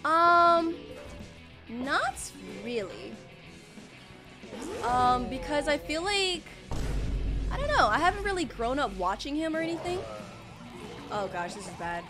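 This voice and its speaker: A woman's voice: high voice, very animated, slow pace, long pauses. A young woman streaming a game, rambling and panicking aloud as she plays. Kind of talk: casual gameplay livestream. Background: game music.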